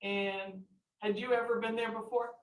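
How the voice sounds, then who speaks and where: A woman attorney questioning a witness in a courtroom, asking deliberate, leading questions. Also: medium pitch, little pitch movement. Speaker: defense attorney. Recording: echoey courtroom audio from far mic.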